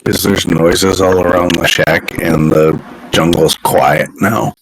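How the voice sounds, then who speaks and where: A man playing a tabletop game, talking in a relaxed, wry way. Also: sits low, takes it slowly, gravelly, slight background noise, poor audio. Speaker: player. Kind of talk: casual tabletop play.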